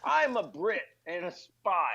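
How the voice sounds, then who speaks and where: A man doing a slow, deadpan impression of a famous older male film star announcing one-line roles. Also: high voice, creaky, muffled recording, crowd noise, pitched above the performer's own voice, exaggerated voice.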